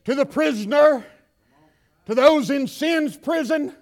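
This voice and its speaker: A man preaching a sermon in a church, swinging from quiet asides to shouted lines. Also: extremely high pitch, takes it slowly. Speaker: pastor. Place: church sanctuary.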